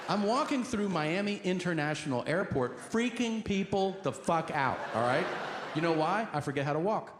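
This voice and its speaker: A man doing stand-up, telling a profane story in an animated way with sudden shouts. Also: on the high side, fairly quick. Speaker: stand-up comedian. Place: comedy club stage before a laughing audience. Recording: live audience laughter and crowd noise.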